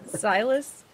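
Woman narrating as game master. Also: on the high side. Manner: descriptive, unhurried, many fillers and restarts.

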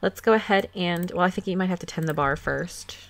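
A woman's voice: on the low side, brisk, vocal fry. Chatty young woman narrating gameplay. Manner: chatty, filler-heavy, giggly. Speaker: let's play host. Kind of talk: casual gameplay commentary. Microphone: desktop USB microphone.

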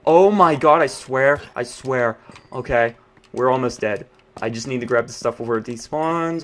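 A young man giving live gameplay commentary, frustrated and ranting, swinging between yelling and muttering. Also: mid-range voice, normal speed. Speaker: gaming YouTuber.

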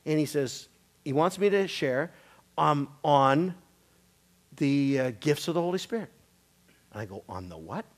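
A man's voice: a little high, animated, measured pace, pauses often. A man preaching to a church congregation, telling a story in a conversational way and acting out the dialogue of the people in it. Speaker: guest preacher. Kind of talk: storytelling sermon.

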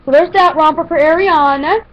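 A vlogger with a high-pitched voice talks fairly quickly to camera as she shows off a shopping haul. She rambles casually, full of fillers and restarts, and the home video audio is dull and lo-fi.

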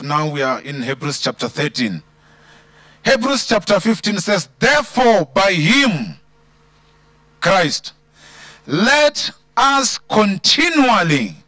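A male preacher with a South African English accent delivers his sermon in a high voice. He leans on key words, stretching them slowly, and punctuates with hallelujah. The sound is close and dry. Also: a bit bright, no echo. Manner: preaching with slow emphatic stresses and repeated hallelujahs. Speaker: pastor.

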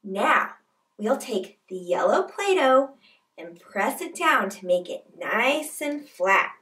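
A woman hosting a preschool lesson, talking to toddlers in a bright, exaggerated, encouraging way and breaking into little sing-along chants. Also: a little high, big pitch swings, slow pace, far from the mic. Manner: bright, exaggerated, encouraging kids-show delivery. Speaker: children's show host.

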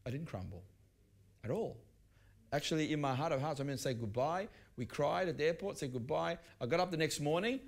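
Pastor teaching with lively personal stories. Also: male voice, fairly high pitch. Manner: conversational, with restarts and personal stories. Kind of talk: sermon teaching.

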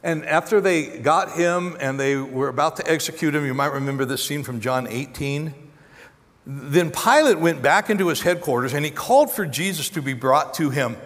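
Pastor guy preaching, lively up and down voice, kinda high, big church echo. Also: normal speed. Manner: animated, acts out quotes with sudden high pitch jumps. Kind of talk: sermon. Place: large church auditorium. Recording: long hall reverb.

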